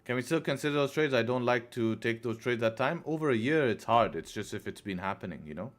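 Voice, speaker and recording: Hosting a live trading stream over faint background music, a young man chats casually in a mid-range, lively voice. He talks fast, reads viewer messages aloud, and answers their questions along the way.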